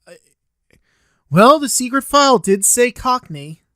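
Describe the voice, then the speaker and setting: A woman's voice: fairly high pitch, very animated, measured pace, bright, forceful tone, dry recording. A woman hosting a let's play, chatting wryly and teasing the characters. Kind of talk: casual commentary with character voicing.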